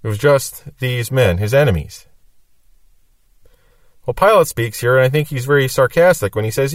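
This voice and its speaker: A man's voice: medium pitch, animated, a little fast, no room sound, far from the mic. A man teaching through a Bible passage verse by verse, reading each verse and then explaining it. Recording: dry sound from off the mic.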